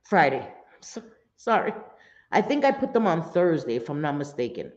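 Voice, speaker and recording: A woman's voice: sits low, very animated, normal speed, darkish tone. A middle-aged woman hosting a casual live stream, talking in a rambling, blunt, profane way. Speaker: livestream host. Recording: dull lo-fi stream audio.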